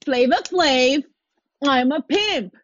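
A high-pitched woman in casual chat, chiming in with relaxed comments and frequent laughs. The recording is dry and close, with no room sound. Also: slow pace, no room sound, dull audio. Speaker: podcast co-host.

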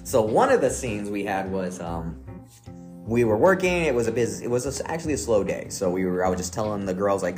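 A young man tells a story on a podcast, joking and laughing as he goes. His pitch swings widely as he retells the scene. Faint guitar music plays beneath him. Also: fast. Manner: jokey, laughs often, animated retelling. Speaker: podcast co-host. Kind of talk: casual storytelling chat.

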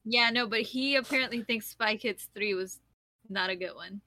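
A woman's voice: a little high, normal speed, bright, forceful tone, no room sound. A woman co-hosting a podcast, chatting casually with frequent giggles. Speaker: podcast co-host. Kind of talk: casual chat.

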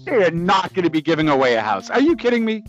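A man's voice: sits high, quick pace, highs cut off, soft background music. A Canadian man co-hosting a podcast, chatting casually and laughing at himself. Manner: animated, laughing, self-mocking. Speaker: podcast co-host.

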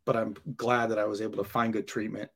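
A man's voice: on the low side, fast talker. A firefighter being interviewed, telling his story casually and acting out the dialogue of the people in it. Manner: animated, acts out dialogue and laughs while telling. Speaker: firefighter guest.

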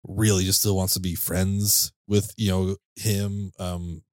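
A man co-hosting a podcast retells a favorite film scene, laughing and quoting the characters as he goes. His voice is very low. The recording is dry and close. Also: level tone, takes it slowly, a little mellow, dry recording. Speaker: podcast co-host. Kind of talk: casual chat about a film.

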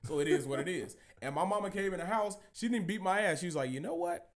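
A man hosting a podcast, telling a long story in casual, profane, animated chat with lots of laughing. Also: high voice, fast talker. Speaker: podcast host.

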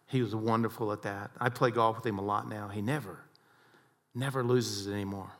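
A man giving an inspirational talk, telling stories in an animated way that swings between hushed and loud. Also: on the low side, a little fast. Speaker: speaker.

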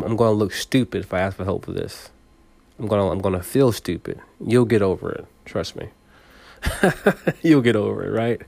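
Gravelly low-voiced man, earnest monologue. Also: darkish tone, no echo. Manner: repetitive, stammering restarts, talks straight to the listener. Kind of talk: reflective motivational monologue.

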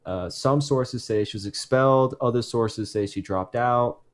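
A man with a mid-range voice and a slightly slow pace co-hosts a casual podcast. He tells a true case in rambling fashion, pausing to correct himself and tossing in jokey asides.

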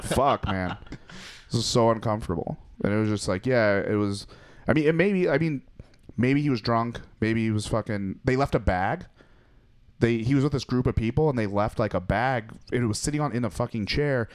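A man's voice: mid-range voice, a little fast. A young adult man, a comedian, chatting casually and telling loose stories, acting out people with laughing voices and swearing freely. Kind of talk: casual chat.

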